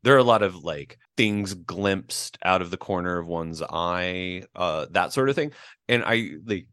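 A podcast co-host with a deep, slightly bright voice talks unhurriedly about a film, filling his casual review with fillers and restarts. The recording is dry, with clean studio sound.

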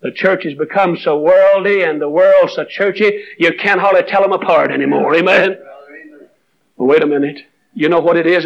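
An older man, preaching a revival sermon as he tells stories, rising into fervent high-pitched exhortation. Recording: muffled old sermon recording.

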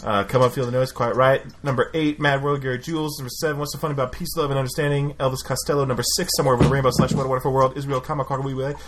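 A man's voice: mid-range voice, steady tone, very fast, hardly any pauses. A man hosting a casual podcast, joking and swearing as he reads out a countdown of cover songs. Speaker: podcast host. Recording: noisy home podcast recording.

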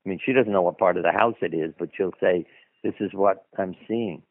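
Man, low voice, guest storyteller, rambling conversational manner, thin phone-line sound. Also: brisk, no room sound. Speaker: guest author. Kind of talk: anecdotal storytelling in a radio interview. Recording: dry phone-line audio.

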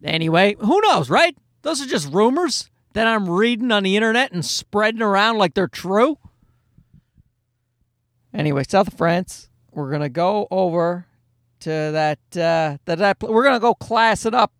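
High-voiced man rambling sarcastically on a podcast. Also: lively intonation, moderate pace, fairly bright tone, no echo, clean studio sound. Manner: rambling, sarcastic, jokey asides with put-on voices. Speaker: podcast host. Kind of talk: casual comedic monologue. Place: at home.

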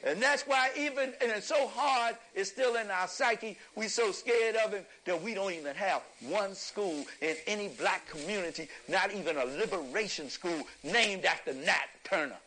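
A man giving an impassioned lecture to an audience, preacherly and emphatic, rising at times to a shout and chuckling through his points. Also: high voice, moderate pace, few pauses, poor audio.

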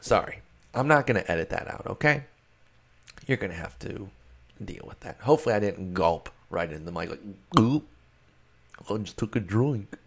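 A man's voice: low voice, expressive, brisk, a bit bright. A man hosting a solo fantasy baseball show, talking casually and rambling in a self-deprecating way. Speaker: fantasy baseball podcast host.

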